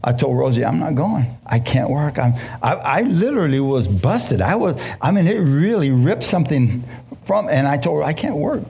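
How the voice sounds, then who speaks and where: A middle-aged man preaching a testimony to a congregation, impassioned and halting, with many restarts and questions thrown to the listeners. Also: a little high, sing-song, gravelly, mellow, husky. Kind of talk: emotional sermon testimony.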